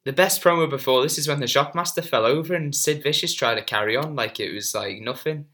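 A man co-hosting a podcast, chatting in an animated way with laughs and swearing. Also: mid-range voice, fairly quick. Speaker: podcast co-host. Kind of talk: casual chat.

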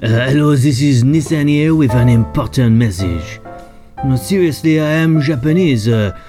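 A man's voice: medium pitch, expressive, normal speed, close to an everyday voice. A man voicing a mock-earnest carmaker spokesman in a put-on French accent, in a spoof ad. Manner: mock-earnest, self-deprecating. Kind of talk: spoof radio ad. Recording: music bed behind voice. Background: loud backing music.

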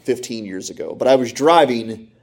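Middle-aged man preaching a sermon; emphatic, repetitive, mid-pitched, asks the congregation questions. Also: expressive, moderate pace, a little mellow, husky. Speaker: pastor.

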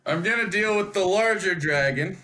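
A man playing in a tabletop game, talking in an unhurried, hesitant way. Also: high-pitched, bright, forceful tone.

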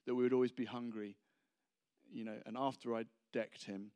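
A man's voice: mid-range voice, steady tone, normal speed, warm tone, smooth. Rambling, self-deprecating preacher man. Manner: rambling, self-deprecating, laughs between anecdotes. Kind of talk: casual humorous sermon.

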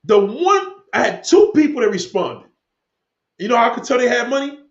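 A man's voice: very high-pitched, sing-song, moderate pace. A man ranting heatedly to viewers of his stream, swearing a lot as he rambles from one point to the next. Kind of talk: profane rant to stream viewers. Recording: echoey room, dull lo-fi sound.

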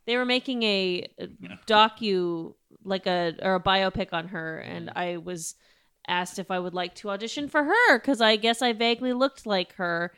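A woman with a smooth, clear voice chatting casually. She tells her story bluntly and irreverently, without softening anything. It sounds like loose podcast banter. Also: medium pitch, normal speed. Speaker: actress and podcast co-host. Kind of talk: casual chat.

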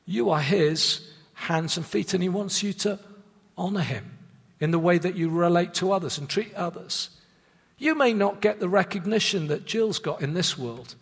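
High-voiced preacher in an echoing hall. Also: male voice, animated, gravelly, husky. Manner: earnest, measured, drops low for emphasis; repeats words when restarting a thought. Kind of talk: sermon. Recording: long reverb of a church hall.

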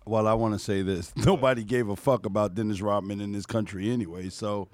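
A man's voice: fairly low pitch, steady tone, brisk, no echo. A man on a casual talk panel, wry and teasing, cursing now and then. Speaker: panel guest.

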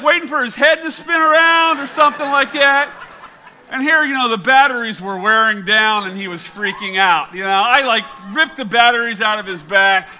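High, bright-voiced pastor telling stories. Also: male voice, a little hiss or hum. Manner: animated, self-mocking storyteller. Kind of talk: running a quiz and telling a funny story to a congregation.

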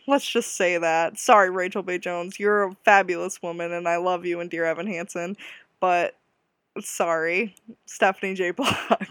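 A woman's voice: on the low side, a bit bright, no echo, clean studio sound. A young woman hosting a casual solo podcast, gushing and giggly with self-deprecating asides. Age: young adult. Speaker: podcast host.

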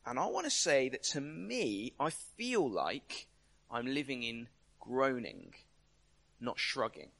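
Bright-voiced man preaching. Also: mid-range voice, big pitch swings, takes it slowly, creaky. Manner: conversational, emphatic, rhetorical questions. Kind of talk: sermon.

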